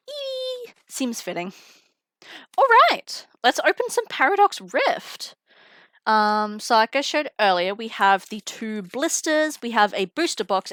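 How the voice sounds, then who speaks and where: Young woman streamer, slow easygoing chatter and giggles, headset mic, dry sound. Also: medium pitch, fairly bright tone, dry recording. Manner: chatty, giggly, talks to chat while unboxing. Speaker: streamer opening trading cards. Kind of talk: casual live-stream chat. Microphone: headphones with mic.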